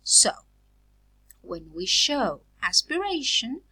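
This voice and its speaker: A woman delivers a phonetics lecture with a husky edge to her voice. She takes her time and repeats each example word deliberately. Her bright tone rises and falls in a lively way as she explains. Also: a little high, low-quality recording. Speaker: phonetics teacher. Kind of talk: recorded lecture.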